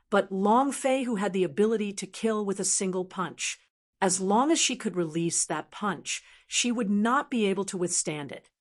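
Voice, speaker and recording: Woman narrating a fantasy audiobook. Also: mid-range voice. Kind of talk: scripted narration.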